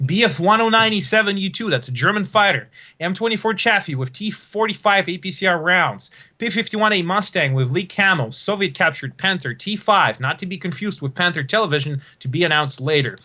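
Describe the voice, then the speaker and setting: Male esports caster, Russian accent, bright high voice, loose joking delivery. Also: lively intonation, fairly quick, hardly any pauses. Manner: joking, rambling with fillers. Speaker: esports commentator. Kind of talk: casual live game commentary.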